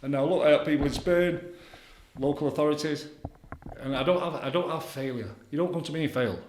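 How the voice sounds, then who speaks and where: A middle-aged man talks fast and bluntly in a casual podcast chat, tagging "isn't it?" onto his points. His voice sits a touch high for a man. The recording has a roomy echo. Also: a little mellow, a little hiss or hum. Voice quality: blunt, repetitive, leans on tag questions. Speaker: addiction counsellor guest. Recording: roomy echoey room.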